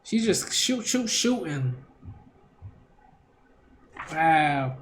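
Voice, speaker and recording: Casting: a man doing a casual manga read-along, excitable and slangy, taking his time. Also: on the high side, extremely slow. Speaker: manga critic reading aloud.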